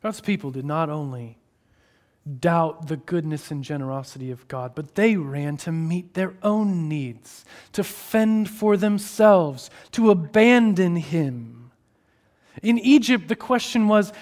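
A man preaching a sermon, moving between hushed, drawn-out phrases and raised, emphatic ones. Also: a little high. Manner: expressive, shifting between hushed and raised delivery.

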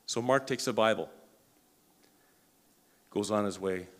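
A man preaching a sermon, telling a story in an animated way and often restarting or repeating words. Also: lowish voice, unhurried. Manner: animated, acts out quoted dialogue.

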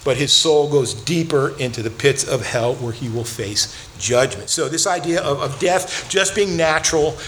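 Delivering a sermon, this pastor speaks earnestly and directly, repeating words for emphasis and at one point speaking to the congregation's children. His voice is on the high side, a bit bright and expressive, at normal speed with few pauses. A little hiss or hum sits under the recording.

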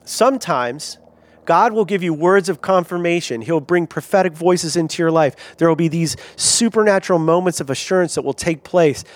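Animated male pastor, dry close sound. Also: fairly high pitch, moderate pace, no room sound. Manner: animated storytelling with quoted asides. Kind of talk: sermon.

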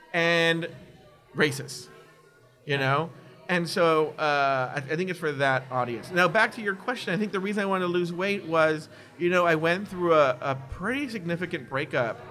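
Faint music sits behind this man's fairly high voice as he speaks at a moderate pace. Appearing as a podcast guest, he candidly and animatedly shares personal stories, occasionally mocking others by imitating what they said.

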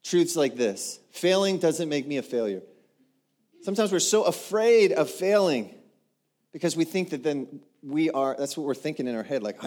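A man, a pastor, preaching a sermon in an animated way, acting out quoted voices and building to loud exclamations. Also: on the high side, moderate pace.

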